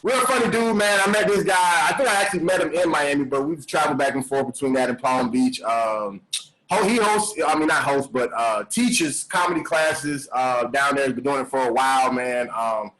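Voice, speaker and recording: A man's voice: medium pitch, normal speed, a bit bright, low-quality recording. A man hosting a casual podcast chat over a live stream, laid-back, with many fillers and restarts. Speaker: podcast host. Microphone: live stream call.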